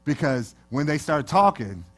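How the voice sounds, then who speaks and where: A man preaching to his congregation with a high voice that swoops up and down. He tells stories in a playful, joking way. The sound is a church sermon. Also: a little slow, faint music behind. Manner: animated storytelling with jokes to the congregation. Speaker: pastor. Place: church sanctuary.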